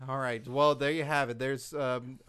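A man's voice: medium pitch, steady tone, unhurried, fairly bright tone, clear, resonant tone. A young man co-hosting a comedy podcast, chatting laid-back with hesitant fillers. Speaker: podcast co-host. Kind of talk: casual comedy podcast chat.

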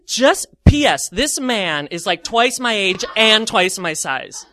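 Bright, animated male storyteller. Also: high voice, takes it slowly, no room sound. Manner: animated, lots of "like" fillers, self-mocking. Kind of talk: comic personal anecdote.

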